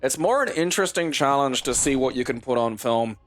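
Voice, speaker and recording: A man's voice: medium pitch, expressive, a little fast. A man co-hosting a gaming video, telling a long story in casual chat and swearing often as he plays. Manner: rambling, profane storytelling. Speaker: co-host of a gaming channel. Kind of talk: casual chat while playing a game.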